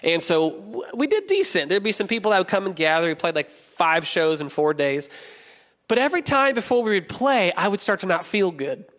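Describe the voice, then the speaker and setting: A young man preaching a sermon as a pastor, telling stories with playful, animated asides. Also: high voice, a little fast. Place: church auditorium. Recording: long church hall reverb.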